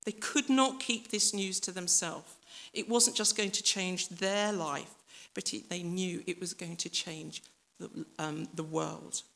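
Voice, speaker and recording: A woman's voice: lowish voice, fairly even intonation, unhurried, gravelly, a bit bright. A woman preacher giving a reflective, conversational sermon that speaks directly to the listeners and acts out voices from the story.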